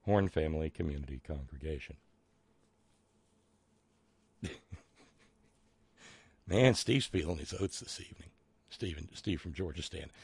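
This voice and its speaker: A man hosts a live talk show and reads listener messages in a rambling, sardonic manner. His voice sits a little low and has a gravelly texture. It is recorded close and dry, with no room sound. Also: no room sound. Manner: rambling and sardonic, with many fillers. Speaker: show host.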